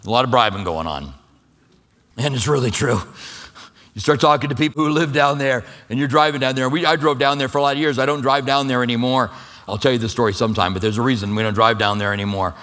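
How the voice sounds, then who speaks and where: A man preaching a sermon in a conversational way, reading scripture slowly and acting out quotes. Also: mid-range voice, a bit bright. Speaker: pastor.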